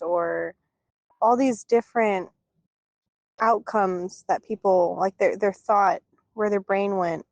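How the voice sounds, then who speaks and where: A woman co-hosting a podcast, steady and supportive, speaking frankly about hard things at a middle pitch. The recording is dull and dry, with no room sound. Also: takes it slowly, vocal fry, long pauses, no echo. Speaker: podcast co-host. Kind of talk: casual podcast chat.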